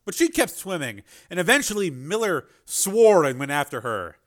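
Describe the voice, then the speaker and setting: A man's voice: a little high, very animated, normal speed. A man narrating a chapter of an adventure novel as an audiobook reader. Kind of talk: scripted narration.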